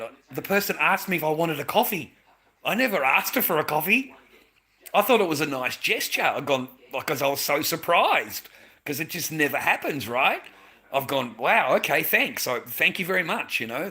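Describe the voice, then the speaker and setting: A man's voice: on the high side, sharp tone. An Australian man and father ranting to camera in a heated, swearing monologue, calling the listener mate. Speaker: vlogger, father.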